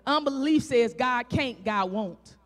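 A woman preacher with a Southern country accent, delivering a fervent sermon full of rhetorical questions, rising to shouts and drawing out scripture as she reads. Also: on the high side, expressive, slow pace. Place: church sanctuary. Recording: echoey church hall.

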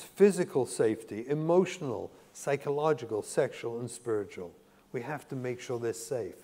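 A man's voice: mid-range voice, darkish tone. A man, a psychotherapist, giving an earnest, emphatic lecture to a religious audience and repeating key phrases for weight. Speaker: psychotherapist and speaker. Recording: long hall reverb.

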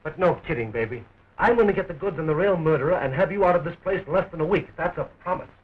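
An actor playing a wisecracking young man who talks in quick joking patter while fighting to free his fiancée, from a dull old film soundtrack. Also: fairly high pitch, animated, slightly rough. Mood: tender.

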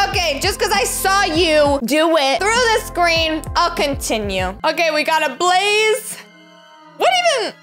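Woman, very high voice, lively swooping pitch, excitable reaction commentary, faint music behind. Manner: excitable, exclamatory, gasping. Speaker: channel host reacting to images.

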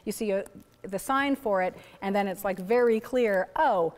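A woman's voice: mid-range voice, normal speed. A woman teaching a baby sign language class indoors, cheerfully coaxing and praising toddlers and chatting with their parents. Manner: upbeat, coaxing and praising little children. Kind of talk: leading a toddler signing class.

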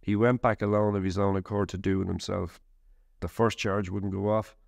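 A man's voice: lowish voice, little pitch movement, moderate pace, creaky, darkish tone, no echo, studio quality. A man voicing a badly wounded British soldier in a read-aloud war memoir, reporting earnestly to an officer.

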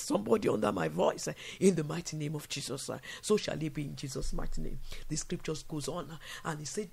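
A man preaches a fervent vigil sermon. His voice sits high and carries a heavy gravel with a husky edge. He pushes his listeners to pray and slips into song now and then. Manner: fervent preaching with call-and-response, breaks into song. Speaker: preacher leading a prayer vigil.

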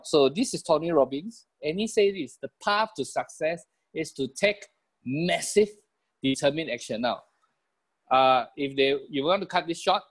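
A man with a Malaysian English accent delivers a motivational business talk over a video call. His voice sits a little high, and he tells stories with animated repetition and small chuckles. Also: husky. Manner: animated storyteller, chuckles, repeats key phrases.

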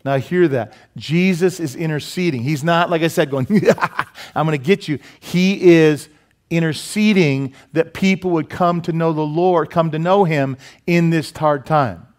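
A man's voice: fairly high pitch, a little slow. A middle-aged man, a pastor, preaching a conversational sermon, telling anecdotes and asking his listeners "Amen?".

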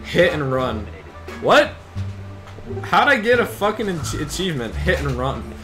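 A young man hosting a casual gameplay video, excitable and swearing, with panicky outbursts. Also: fairly high pitch, unhurried, faint music behind. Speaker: gaming video host.

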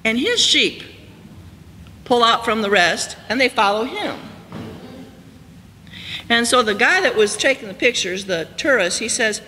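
A man with a high, bright voice preaches a storytelling sermon from the pulpit, swinging between ringing emphasis and hushed, slowed lines. His voice carries a long church-hall reverb with a faint hiss underneath. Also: animated. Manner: storytelling, rises high and loud for emphasis then drops soft and slow. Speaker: pastor. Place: church sanctuary.

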